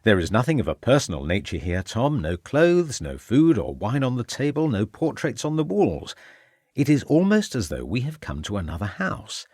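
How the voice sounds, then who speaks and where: A man's voice: medium pitch, huge pitch swings, normal speed, darkish tone, slightly rough, no room sound, clean studio sound. A man voicing an earnest, puzzled Victorian police constable. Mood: bewildered.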